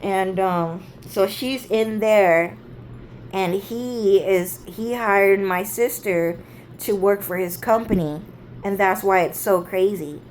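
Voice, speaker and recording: A woman's voice: medium pitch, slow pace, a little mellow, slight background noise. A woman vlogger telling a story casually, rambling and swearing, with plenty of fillers and side remarks.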